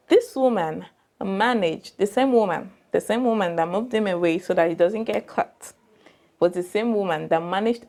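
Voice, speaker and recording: A woman's voice: mid-range voice, warm tone. A young woman with a Nigerian accent, casually retelling a true crime case, chatty and digressive, often asking her viewers questions. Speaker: true crime channel host.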